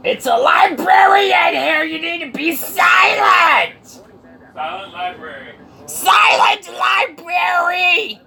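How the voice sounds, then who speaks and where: A man voicing a shrill, furious female librarian who screeches at people to be silent. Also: big pitch swings, slow pace, gravelly, pushed and bright, raised voice, full character voice. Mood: screaming. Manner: screeching, scolding. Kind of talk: comic impression in a livestream.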